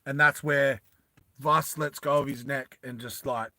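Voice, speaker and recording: A man narrating a tabletop game as game master, in an animated, rambling storytelling style. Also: medium pitch, measured pace.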